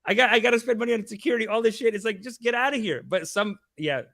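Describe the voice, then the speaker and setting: A man's voice: high-pitched, quick pace, creaky, bright, forceful tone. A man hosting a casual podcast, profane and rambling in his banter. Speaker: podcast host.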